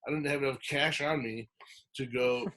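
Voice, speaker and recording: On a podcast, a man tells a long story in a casual, rambling way, full of fillers and restarts. His medium-pitched voice moves at normal speed, and he animatedly acts out the lines he quotes.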